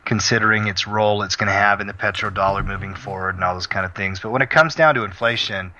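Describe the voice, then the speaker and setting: Bright-toned man on a muffled podcast line. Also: on the low side, fast. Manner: chatty, anecdotal. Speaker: podcast co-host. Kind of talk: casual finance chat.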